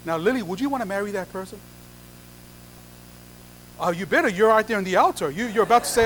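High-voiced man preaching with acted-out dialogues. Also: lively intonation, fast talker, fairly bright tone, a little hiss or hum, poor audio. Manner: acts out little dialogues, repeats phrases for emphasis. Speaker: pastor. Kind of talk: sermon.

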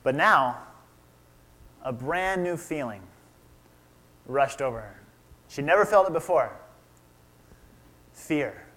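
A man's voice: on the high side, lively intonation, takes it slowly, pauses often, fairly bright tone. A man in his thirties preaching a sermon, retelling a story and asking his listeners questions. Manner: asks the audience questions, acts out quotes.

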